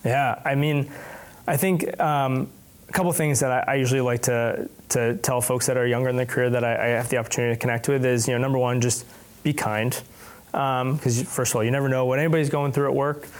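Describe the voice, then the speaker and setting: Halting, easygoing male podcast guest. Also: medium pitch, steady tone. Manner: halting, with many restarts and laughs. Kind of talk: casual conversational interview.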